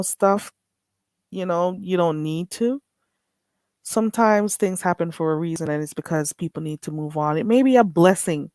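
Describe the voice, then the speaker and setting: A woman hosting a live stream in casual chat, chatty, with drawn-out exclamations. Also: low-pitched, a little mellow, dry recording. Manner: chatty, drawn-out "ooh"s and frequent laughter.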